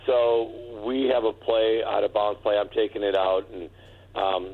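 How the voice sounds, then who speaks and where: A man, a former basketball player, telling an interview anecdote, halting and chuckling as he recalls it. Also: lowish voice, fairly even intonation, phone-quality sound.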